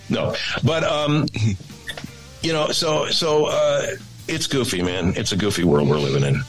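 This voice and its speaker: A radio and voice actor in a casual interview, talking in a rambling, animated way. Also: male voice, medium pitch, measured pace, soft background music, poor audio.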